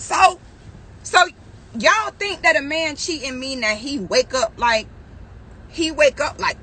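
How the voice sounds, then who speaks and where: Speaking slowly with long pauses, this woman vlogger's high, bright, forceful voice swings widely in pitch as she rants through a story to her viewers. She voices the people involved and laughs often, on a rough recording with slight background noise.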